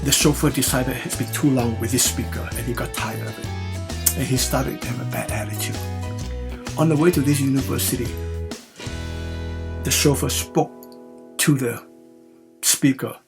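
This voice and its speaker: Male joke teller, gravelly tone, music bed underneath. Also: mid-range voice, steady tone, moderate pace, pauses often. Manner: rambling, conversational, self-correcting. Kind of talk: storytelling a joke. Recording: clear music behind the voice.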